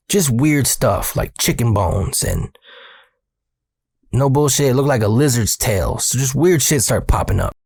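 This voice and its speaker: Male storyteller, mid-pitched and gravelly, casual and slangy with swearing, addressing the listener. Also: darkish tone, dry recording, clean studio sound.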